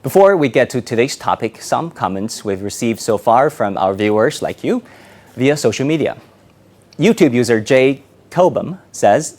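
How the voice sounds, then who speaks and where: A man sitting in as host of a live-stream news show, chatting loosely before airtime and then reading a script crisply. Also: medium pitch, normal speed. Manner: relaxed banter off air, crisp scripted delivery on air. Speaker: stand-in host.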